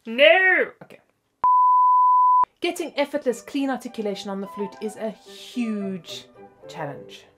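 A woman's voice: medium pitch, lively intonation, moderate pace, loud music behind the voice. A young woman with hiccups hosting a bubbly flute lesson video and laughing at herself, with flute playing between her phrases. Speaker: flute teacher and host.

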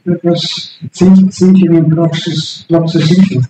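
A middle-aged man, a political science lecturer, giving an unscripted conference talk, halting and repeating words as he searches for phrasing. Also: fairly high pitch, little pitch movement. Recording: very echoey room with faint background noise.

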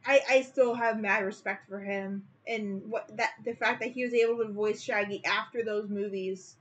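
A woman's voice: medium pitch, fairly even intonation, normal speed. A woman artist chatting casually while streaming her drawing, rambling and opinionated, full of "like" and "you know". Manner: rambling and opinionated, heavy use of "like". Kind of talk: casual livestream chat.

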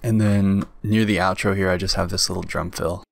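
A man's voice: sits low, fairly even intonation, brisk, creaky. A young man casually walking through how he built a beat, laid-back and rambling, with lots of filler words. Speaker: beat producer. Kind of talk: casual tutorial walkthrough. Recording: music faintly underneath.

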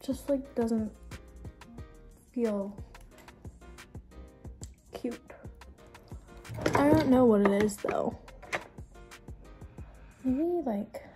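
Slow, mellow-voiced young woman vlogging. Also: a little high, faint music behind. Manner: chatty and rambling, heavy use of "like". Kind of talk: casual get-ready-with-me chat.

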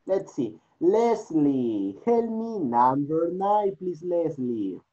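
A man's voice: on the high side, sing-song, slow pace, dark tone, lo-fi sound. Male teacher on a video call. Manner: switches between English and Spanish, coaxing and repetitive. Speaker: English teacher. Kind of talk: online class, calling on students.

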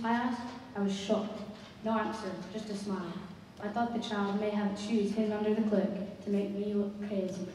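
A woman giving a slow, expressive dramatic reading of a ghost story. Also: mid-range voice, slight background noise. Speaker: story reader. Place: school concert hall. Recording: echoey hall from far off, faint ambience.

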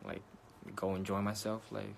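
A young man with a fairly low voice talks loosely into his phone on a live stream, full of slang, curses and easy laughs. He drifts between English and Korean as he answers comments, with a faint background hiss. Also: monotone, normal speed, creaky. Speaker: rapper on a livestream. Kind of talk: casual livestream chat answering comments. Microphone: phone mic.

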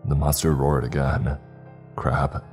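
A scripted horror tale is narrated by a man whose voice is extremely deep, dark and mellow. He paces it carefully for dramatic effect while soft background music runs underneath.

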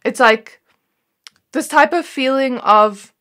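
A woman giving an intuitive tarot reading to her viewers, talking in a gentle, reflective way and often pausing on "like" as she muses. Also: high-pitched. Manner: gentle, reflective, musing with frequent "like". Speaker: tarot reader.

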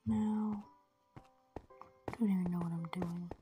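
A woman giving whispered gameplay commentary, rambling softly to herself as she plays. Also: on the low side, fairly even intonation, slow, faint music behind. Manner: soft, half-whispered, rambling self-talk.

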